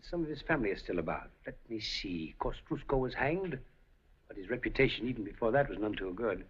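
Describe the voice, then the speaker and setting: An actor playing a suave, scheming café proprietor in a 1930s film, speaking in an urbane, deliberate way. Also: male voice, on the low side, expressive, slightly rough. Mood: sly. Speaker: café owner. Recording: dull 1930s film soundtrack.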